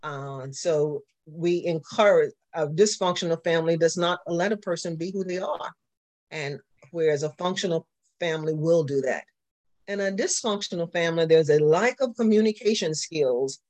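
A man's voice: a little high, normal speed, darkish tone. A man with a Southern accent, teaching a church class and asking the group questions as he goes. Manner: repetitive, asks the class questions. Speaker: pastor.

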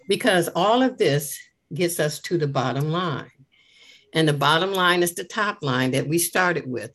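An older woman speaks in a low, unhurried voice, giving an inspirational devotional talk. She is earnest and leans on repetition, saying key phrases again and again for emphasis. Her pacing is deliberate and measured throughout. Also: animated, fairly bright tone.

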